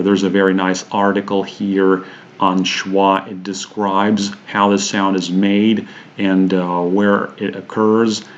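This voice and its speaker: A man teaching English pronunciation, walking through web pages with many halting fillers and slowing down to pronounce example words. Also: deep voice, lo-fi sound, slight background noise. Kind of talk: screen-share teaching walkthrough.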